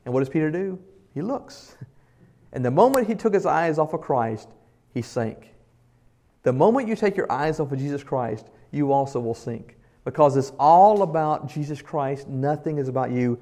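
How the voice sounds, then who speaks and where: A man's voice: medium pitch, expressive, moderate pace. Earnest male pastor preaching. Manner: earnest, emphatic preaching with shifts in loudness; asks the congregation questions. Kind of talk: sermon.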